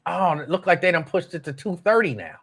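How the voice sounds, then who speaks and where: Older man rambling through a lively story. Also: high voice, fairly quick, slightly rough. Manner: rambling, storytelling, laughs easily, Southern US Black vernacular. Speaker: host. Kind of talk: casual solo talk show chat.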